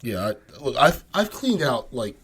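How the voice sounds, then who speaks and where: A man's voice: medium pitch, very animated, a little slow, a bit bright, breathy edge. A man co-hosting a podcast, telling a story casually with many fillers and acting out what others said. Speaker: podcast co-host. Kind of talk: casual chat.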